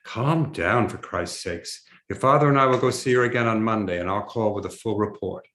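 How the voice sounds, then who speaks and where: Brief: haughty upper-class English mother, hushed and cutting, low voice, roomy echo, as a male reader puts her on. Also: brisk, natural voice. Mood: imperious.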